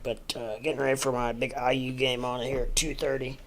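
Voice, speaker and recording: A man's voice: medium pitch, flat delivery, fairly quick, a bit bright, slight background noise. A man hosting a casual livestream from home, sleepy and rambling with lots of ums and uhs. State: sleepy, yawning. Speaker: livestream host.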